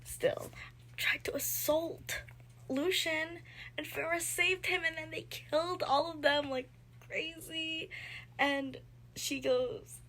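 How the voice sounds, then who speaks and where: A young woman recapping a book she is reading, gushing and excitable and peppering her talk with "like". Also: high-pitched, slow. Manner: gushing, excitable, heavy use of "like". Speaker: book vlogger. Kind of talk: casual chat recapping a book.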